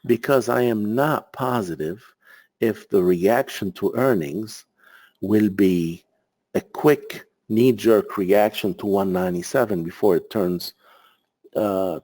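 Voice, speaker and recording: Male market analyst, deep and unhurried, rambling through live viewer questions. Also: gravelly, warm tone. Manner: rambling, searches for words, answers viewer questions. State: tired, out of breath.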